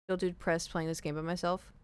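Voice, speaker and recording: A woman's voice: on the low side, level tone, quick pace, darkish tone, clear, resonant tone, no echo. A woman with a Southern accent chatting casually as a streamer while she plays, ranting and mocking how people pronounce words. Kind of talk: casual chat while gaming.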